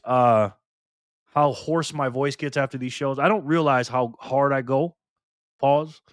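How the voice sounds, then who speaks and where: A playful, upbeat man runs a casual live stream, calling out viewers by name and reading their comments aloud. His voice sits a bit high for a man, and it sounds close and dry with almost no room echo. He peppers his talk with slang and spelled-out internet abbreviations. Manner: lively, playful, laughs often, calls out viewer names.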